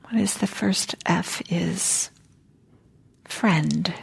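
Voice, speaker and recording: A woman gives a meditation talk in a soft, unhurried way, often sinking to a near whisper. Her fairly low voice has a gravelly, husky edge. She muses aloud with casual fillers. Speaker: meditation teacher. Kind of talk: dharma talk. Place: meditation hall.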